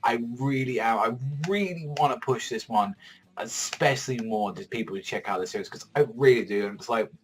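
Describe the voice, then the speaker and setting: A man talking in a casual, rambling review style, swearing freely in an ordinary mid-pitched voice. He gets excitable and loud, tossing in mock character voices as he goes. His delivery is loose and conversational, never scripted. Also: brisk. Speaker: manga reviewer.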